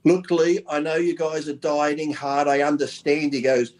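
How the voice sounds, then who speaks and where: A man telling rough, profane anecdotes in a casual chat, laughing as he goes. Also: a little high, little pitch movement, moderate pace, darkish tone. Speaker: bodybuilder telling stories.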